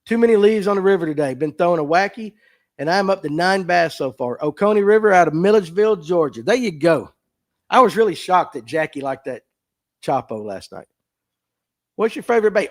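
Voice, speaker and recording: A man with a Southern US accent, chatting and joking through a fishing livestream. His voice sits a bit high for a man, and he answers viewer comments in a folksy, self-mocking way. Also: expressive, a little fast. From Southern United States. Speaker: livestream podcast host. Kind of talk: casual livestream chat reading viewer comments. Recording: phone mic.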